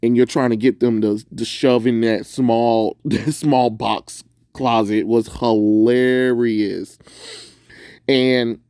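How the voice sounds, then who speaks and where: A man's voice: medium pitch, fairly even intonation, slow pace, warm tone, clear, resonant tone, dry recording, clean studio sound. A young man from the suburban American South chatting casually through a movie review, rambling with lots of "um"s and frequent laughs. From Southern United States, suburban.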